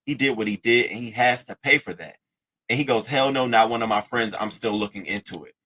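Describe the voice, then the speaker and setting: A man hosting a casual commentary, reading text messages aloud and reacting to them with a profane, animated delivery. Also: mid-range voice, brisk, low-quality recording. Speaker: commentary host.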